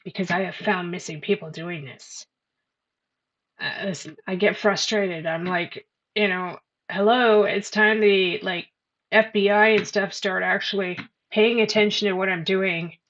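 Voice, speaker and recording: A woman hosting a livestream, talking straight to her chat in an emotional, excitable way. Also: mid-range voice, measured pace. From Canada. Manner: emotional, talks to chat directly. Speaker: livestream host. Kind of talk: live-stream commentary. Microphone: headphones with mic. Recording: dull lo-fi livestream audio with background noise.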